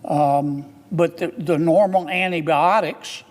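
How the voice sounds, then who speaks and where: A man with a Southern US accent speaking earnestly and haltingly in a formal address, stopping often on "uh". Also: on the high side, steady tone, darkish tone, long reverb tail. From Louisiana. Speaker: public speaker in an archive clip.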